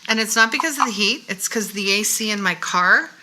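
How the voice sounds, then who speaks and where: Woman with a very bright voice. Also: mid-range voice, lively intonation, fairly quick, low-quality recording. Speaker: co-host. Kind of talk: casual chat while doing makeup.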